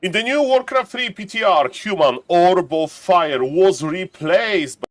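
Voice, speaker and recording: A man hosting a live game stream, his voice sitting a little high for a man. He talks viewers through a test step by step, stopping now and then to greet people in his chat. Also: animated, unhurried, slight background noise.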